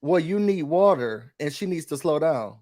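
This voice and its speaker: A man with a high-pitched voice hosts a casual reality show recap. He talks in an animated, gossipy way and breaks into mimicry of the cast as he goes. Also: normal speed.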